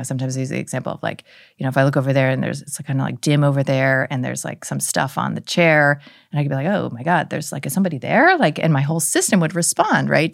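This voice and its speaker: A woman's voice: sits low, vocal fry, dry recording, clean studio sound. A woman guest on a podcast interview, talking in a loose, reflective way, full of "like" and "right?", with casual swearing. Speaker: podcast guest, psychiatrist and author.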